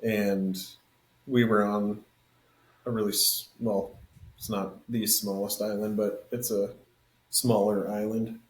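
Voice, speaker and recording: A man's voice: on the low side, level tone, slight background noise. A man co-hosting a podcast in casual chat, telling easygoing stories and stopping to recall details. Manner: easygoing storyteller, laughs along, pauses to recall details. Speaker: podcast co-host. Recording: roomy echo on the voice.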